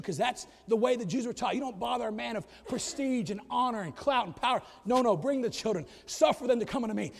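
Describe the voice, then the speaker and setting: A middle-aged man preaches from the pulpit in a high, ringing voice. His sermon swings from soft, chatty asides to loud, shouted climaxes. The sound carries a long reverb from a large church hall. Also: fast talker, gravelly, few pauses. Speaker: pastor. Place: church sanctuary.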